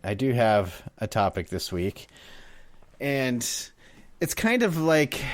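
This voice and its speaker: A man's voice: lowish voice, no echo. Podcast co-host, male, rambly and giggly, dead-dry close mic. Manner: rambling, laughs often, trails off. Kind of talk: casual chat.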